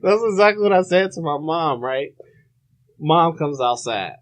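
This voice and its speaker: A young man hosting a podcast, telling a story in a lively, animated way, often restarting and acting out the voices. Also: fairly high pitch, moderate pace. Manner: animated, restarts a lot, acts out the people in his story. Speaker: podcast host. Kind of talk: casual storytelling.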